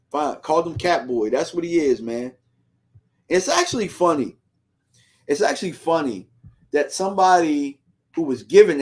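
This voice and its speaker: A man's voice: fairly high pitch, darkish tone. A man hosting a fan livestream, ranting heatedly in slangy casual talk and reading out viewer comments.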